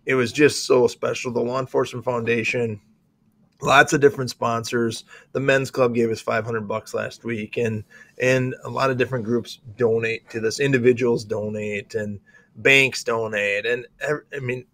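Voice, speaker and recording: A man's voice: mid-range voice, little pitch movement, moderate pace, a bit bright, no echo. A middle-aged man with an Upper Midwest American accent, a county sheriff co-hosting a casual talk show, talking in upbeat, rambling bursts that often restart mid-sentence. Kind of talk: casual chat.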